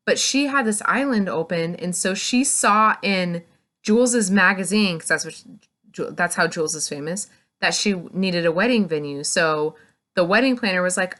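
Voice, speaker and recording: A woman giving a casual, chatty book review, retelling the plot with lots of "like" and quick acted-out bits of dialogue. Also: on the low side. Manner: chatty and animated, retells scenes in quick acted-out snippets, heavy "like".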